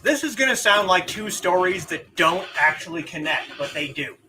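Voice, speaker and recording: A man's voice: high-pitched, moderate pace, a little hiss or hum. A man in his forties chatting casually and jokily while livestreaming a game. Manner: chatty, animated and jokey. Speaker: streamer.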